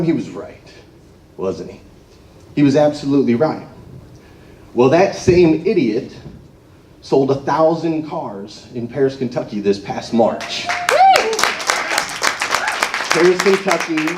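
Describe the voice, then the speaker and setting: A man giving an animated storytelling speech to a live audience, often tagging his lines with "right?". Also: a little high, measured pace, long pauses, some chatter behind, slight background noise. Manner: animated, tags phrases with "right?". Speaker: motivational speaker. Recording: echoey room, far from mic.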